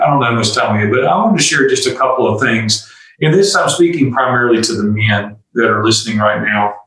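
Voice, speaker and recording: A man's voice: mid-range voice, a bit bright, distant mic. Earnest older man in an echoey room. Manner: earnest, confessional, acts out dialogue. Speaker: guest entrepreneur. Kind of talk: candid storytelling interview.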